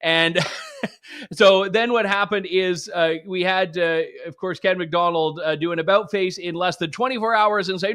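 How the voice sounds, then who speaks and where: Sarcastic high-voiced male news commentator. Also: fairly even intonation, normal speed, a bit bright. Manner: sarcastic, mocking asides. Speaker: political commentary host.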